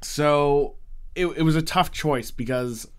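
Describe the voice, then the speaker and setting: A man's voice: a little high, slow, smooth. A man guesting on a casual movie podcast, easygoing and amused.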